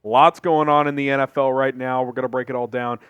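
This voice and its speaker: Smooth-voiced man hosting sports talk. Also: a little fast, no room sound, lo-fi sound. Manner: animated, emphatic swings in pitch and volume. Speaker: sports show host.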